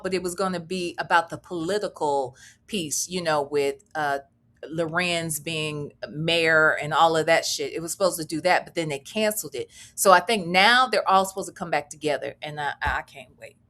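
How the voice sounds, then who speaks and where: A woman's voice: on the low side, fairly quick, fairly bright tone. A middle-aged woman, chatting casually on a live reaction stream, reading comments and wandering off topic with swearing and laughing asides.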